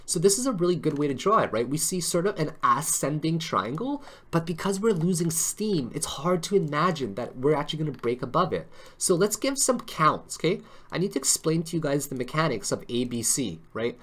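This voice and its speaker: Male crypto live-streamer, bright tone, jokey chat style, walks through charts. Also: fairly high pitch, big pitch swings, brisk, few pauses. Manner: joking, chatty, full of tag questions.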